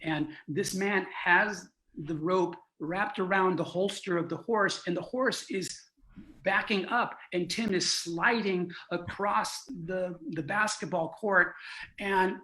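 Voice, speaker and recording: A man, a clown, telling a lively anecdote in a conversation, laughing and restarting as he goes. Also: high-pitched, slow pace. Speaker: clown and co-founder guest. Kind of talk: animated storytelling.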